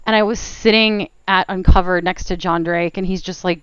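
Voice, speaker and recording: A woman guest on an interview podcast, telling animated stories in casual chat and laughing often. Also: fairly low pitch, moderate pace, smooth, no room sound. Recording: dull lo-fi sound.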